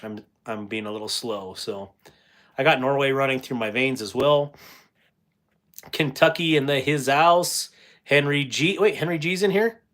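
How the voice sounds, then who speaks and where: A middle-aged man hosts a relaxed livestream, reading out viewer comments and answering them with easy laughs. His voice sits at an average pitch and he talks in a loose, chatty way. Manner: chatty, laughs often, reads chat aloud. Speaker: livestream host.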